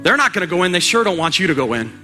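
High-voiced pastor preaching emphatically. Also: male voice, very animated, racing, music in the background. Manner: emphatic, rising to shouted exhortation. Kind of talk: sermon. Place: church sanctuary.

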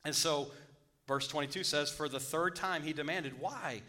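A man preaching a sermon as pastor, reading scripture aloud and then preaching on it, dropping to a hush and rising loud again, repeating key phrases for emphasis. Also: on the high side, normal speed.

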